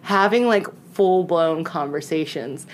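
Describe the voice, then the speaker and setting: On a podcast, a woman casually tells ghost stories, chatty and saying "like" often while acting out what people said. Her voice is low and her pace measured, with slight background noise.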